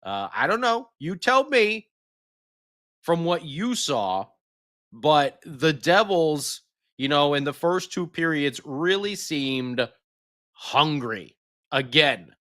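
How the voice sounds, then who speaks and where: Hype podcast guy, kinda high pitched, dry close mic, cracking jokes through the recap. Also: slow, dry recording. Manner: energetic, hype, jokey. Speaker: podcast host. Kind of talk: excited sports podcast recap.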